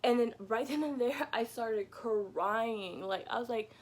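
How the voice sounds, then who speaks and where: A woman's voice: fairly high pitch, unhurried. A young woman vlogger telling a casual storytime from her bedroom, chatty and peppered with "like" and "you know," swearing freely. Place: home bedroom.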